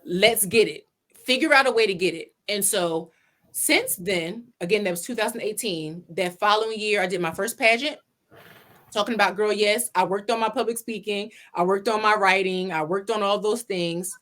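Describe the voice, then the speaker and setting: An animated woman recounts her own journey as a podcast guest, her voice sitting at an ordinary middle pitch. She talks from her home office over a video call, easy and conversational. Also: moderate pace. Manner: animated, plays her own past lines in quotes. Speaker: podcast guest, pageant winner and salon owner. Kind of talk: casual interview storytelling.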